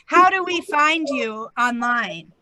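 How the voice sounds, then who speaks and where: A woman with a New England accent hosting a casual faith chat, talking in an animated, chatty way with plenty of fillers. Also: high-pitched, slow pace. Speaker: host.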